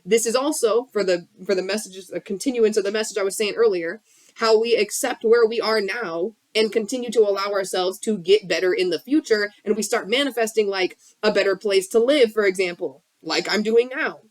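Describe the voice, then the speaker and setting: Here the spiritual coach speaks briskly in a mid-range voice, recorded dry on a phone. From her bedroom on a live stream, she swears liberally while giving an intense, blunt motivational talk on healing.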